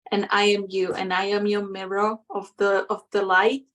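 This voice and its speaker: A woman's voice: mid-range voice, little pitch movement, normal speed, fairly bright tone. A middle-aged woman, a guest in an interview, telling a personal story in a reflective, emotional way and acting out her inner voices.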